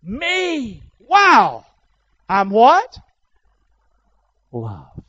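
A man preaching a sermon in church, calling out to the congregation and rising to loud, fervent peaks. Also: sits high, big pitch swings, normal speed, dry recording, lo-fi sound. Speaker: pastor.

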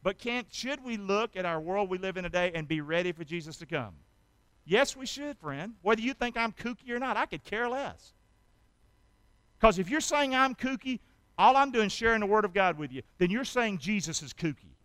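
Pastor preaching hard, high smooth voice, keeps asking the crowd stuff, dry sound. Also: male voice, animated, normal speed, fairly bright tone, no room sound. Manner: emphatic, asks the congregation questions and answers them himself; reads scripture aloud dramatically. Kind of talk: sermon.

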